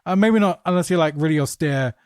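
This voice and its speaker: Animated podcast host telling stories. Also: male voice, on the high side, no echo, clean studio sound. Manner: animated anecdote teller, swearing, quick asides. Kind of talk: casual podcast chat, storytelling.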